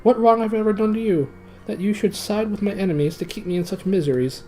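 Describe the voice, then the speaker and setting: Man voicing a desperate enchanted knight in a storybook reading, high, strained, begging. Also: fast, dark tone, faint music behind, natural voice, rough recording. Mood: desperate pleading. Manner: high strained pleading, rising to shrieks. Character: tormented enchanted knight, adult man, pleading.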